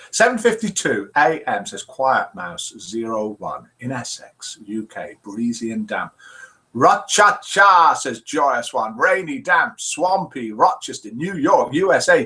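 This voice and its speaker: A man's voice: mid-range voice, bright, forceful tone. A man hosting a casual live chat, reading out viewers' messages and adding light quips. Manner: chatty, reads out messages with quips.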